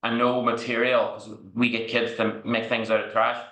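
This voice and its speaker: Irish man, forceful bright voice, frank rambling storyteller, echoey room. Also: mid-range voice, level tone, moderate pace. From Ireland. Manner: rambling, frank, peppers with "right?" and swearing. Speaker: podcast guest, entrepreneur. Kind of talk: candid storytelling interview.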